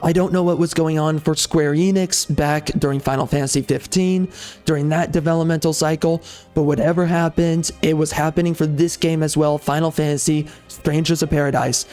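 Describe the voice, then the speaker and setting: A man's voice: a little high, fairly even intonation, brisk, darkish tone, faint music behind. A man hosting a gaming channel, giving opinionated commentary in a rambling, emphatic way with many fillers and restarts.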